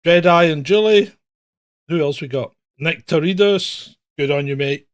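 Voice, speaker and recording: A man's voice: on the high side, unhurried. A man hosting a comedic livestream, teasing his co-host and laughing often. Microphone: webcam livestream.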